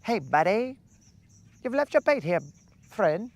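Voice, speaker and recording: A man's voice: high-pitched, very animated, slow pace, dry recording, pitched above the performer's own voice, heavily acted. A man voicing a courteous, formal male fish that politely returns a fisherman's lure. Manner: overly courteous, prim.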